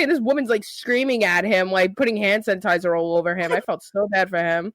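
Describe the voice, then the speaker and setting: A woman's voice: mid-range voice, fast talker, a bit bright, dry recording. A young woman co-hosting a podcast, telling stories casually and bluntly, with some swearing. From Staten Island, New York. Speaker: podcast co-host. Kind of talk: casual chat.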